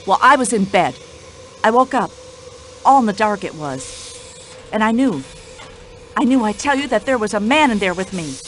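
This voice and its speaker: A woman's voice: mid-range voice, animated, moderate pace, pauses often, fairly bright tone, slight background noise, close to an everyday voice, poor audio. A woman voicing a talkative, indignant older widow in a radio play, speaking. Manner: indignant, chatty, complaining.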